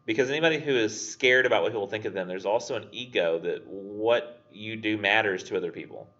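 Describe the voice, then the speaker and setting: A man's voice: lowish voice, brisk, a bit bright, muffled recording. A young man teaching a literature class in a casual, chatty way, full of fillers and acted-out quotes. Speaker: English instructor. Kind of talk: casual recorded literature lecture.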